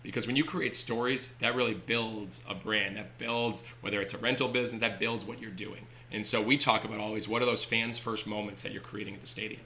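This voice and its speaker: A man's voice: on the low side, a little fast, few pauses, slight background noise. A man, a baseball team owner, telling stories animatedly on a podcast. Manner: animated, acts out voices in anecdotes. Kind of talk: energetic storytelling on a podcast.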